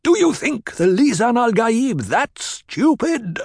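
A man doing Paul, a young leader declaiming high and loud. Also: lively intonation, slow, no echo, studio quality. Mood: commanding. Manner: declaiming loudly to a crowd. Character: commanding young male desert leader.

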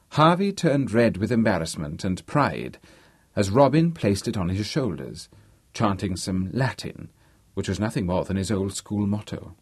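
A man narrates a novel in a measured, expressive way, his pitch moving a lot. His voice is slightly husky. The recording is dry and close. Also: no echo. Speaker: audiobook reader. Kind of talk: scripted narration.

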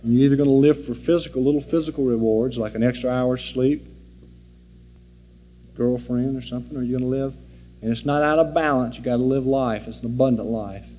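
A man teaching an informal sermon, folksy and animated, acting out the scenes he describes. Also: mid-range voice, fairly quick, a little hiss or hum. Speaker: Bible teacher. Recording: dull lo-fi recording in a reverberant hall.

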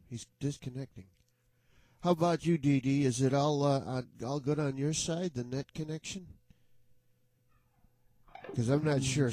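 A man hosting an online music jam, chatting casually in a rambling, halting way with frequent restarts and chuckles. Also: medium pitch, dark tone, no room sound. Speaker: online jam session host. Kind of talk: casual chat.

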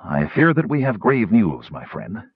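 Wary human warrior, blunt and terse, read by a man; low husky voice, dry sound. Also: huge pitch swings, a little slow, no room sound, heavily acted. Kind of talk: audiobook character voice. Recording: slightly muffled recording.

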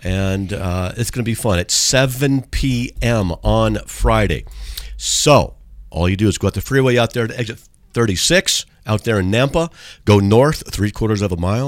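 A man's voice: on the low side, lively intonation, moderate pace, no echo. A man hosting a call-in radio show from a studio, talking in a casual, joking and rambling way.

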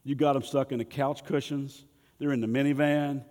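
A man's voice: medium pitch, steady tone, normal speed, a little mellow, in a large hall. A man preaching a sermon in a folksy, humorous way, asking the congregation to respond and speak along. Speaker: pastor.

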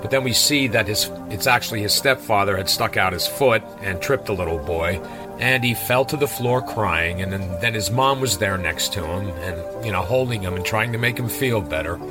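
Low-voiced man casually retelling a comic. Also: moderate pace, music in the background, rough recording. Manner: informal, with many fillers. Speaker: comic reviewer retelling a story.

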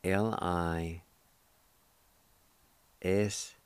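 A middle-aged man hosting a radio language lesson, patiently spelling out letters one by one and repeating each word slowly. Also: sits low, fairly even intonation, clean tone, no echo. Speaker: radio host teaching the language.

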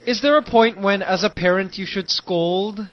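High-voiced male radio co-host. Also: moderate pace, dry recording, highs cut off. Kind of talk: casual morning radio chat.

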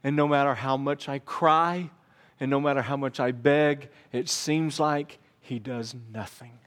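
In no hurry, a male pastor gives a sincere sermon in a steady, medium-pitched voice. He goes quiet at times, then climbs back up to emphatic lines he repeats.

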